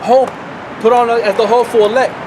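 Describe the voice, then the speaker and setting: A man's voice: very high voice, flat delivery, a little fast, background noise. A man preaching a sermon outdoors as a street preacher, talking emphatically and repeating himself, often tacking on "man" and "right".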